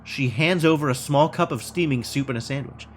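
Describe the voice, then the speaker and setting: A man streaming a game, reading its text aloud and thinking out loud in a wry, self-mocking way. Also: medium pitch, fairly quick, a little hiss or hum.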